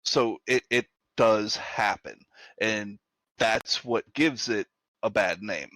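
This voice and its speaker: A man's voice: fairly low pitch, takes it slowly, a bit bright, no room sound, rough recording. A man co-hosting a talk show, speaking in a plain, matter-of-fact way. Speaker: co-host. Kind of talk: casual chat.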